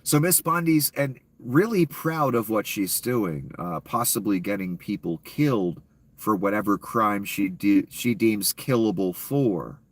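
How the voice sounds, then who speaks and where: A man's voice: fairly low pitch, a little slow. A man with a cold ranting sarcastically and profanely as a YouTube commentator, in a casual off-the-cuff style. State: ill, coughing.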